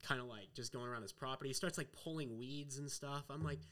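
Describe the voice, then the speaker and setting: Young male guest, chatty storyteller, mid pitch, keeps saying "like". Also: quick pace. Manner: animated storyteller, acts out quotes, heavy use of "like". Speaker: podcast guest. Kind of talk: casual storytelling chat.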